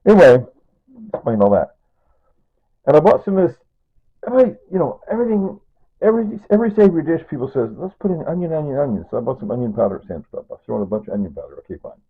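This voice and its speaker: Rambling older man with a husky voice. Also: medium pitch, very animated, quick pace, pauses often. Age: 60s. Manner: rambling and chatty, with asides and chuckles. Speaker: home cooking vlogger. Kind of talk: casual cooking demonstration. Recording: tinny, phone-like sound.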